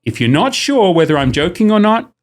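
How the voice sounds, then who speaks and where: A man's voice: sits high, sing-song, brisk. A man talking casually as a returning podcast guest, joking and working through examples with shifting emphasis. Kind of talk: casual chat.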